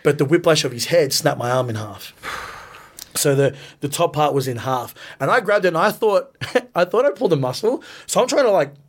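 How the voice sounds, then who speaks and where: A man with a fairly high-pitched voice tells his stories in a relaxed, chatty interview. He gets animated and raises his voice when he acts out what people said. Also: a little fast. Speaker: professional wrestler guest. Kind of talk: casual storytelling in a podcast interview.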